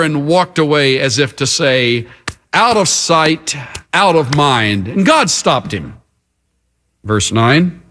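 Slow, lively-voiced male preacher. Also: fairly high pitch. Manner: emphatic, with dramatic pauses. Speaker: pastor. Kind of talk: sermon.

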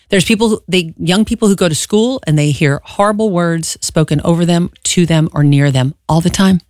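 A woman co-hosting a Christian radio fundraiser from a studio. She speaks earnestly and with warmth of purpose, often laughing. Her voice sounds close and dry, with no room around it. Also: sits low, no echo. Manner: earnest and encouraging, laughs easily. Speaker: radio co-host. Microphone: studio microphone.

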